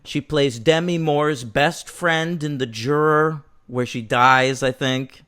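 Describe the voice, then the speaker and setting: A man co-hosting a film review podcast, animated and profane, acting out lines as he chats. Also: fairly high pitch, takes it slowly, clean tone. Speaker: podcast co-host. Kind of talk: casual film review chat.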